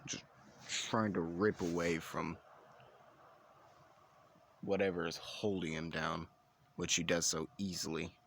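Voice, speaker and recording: A man's voice: low voice, little pitch movement, slow, gravelly, long pauses, a bit bright, slight background noise. A man telling an improvised fan story in a casual, rambling way, with restarts and side remarks.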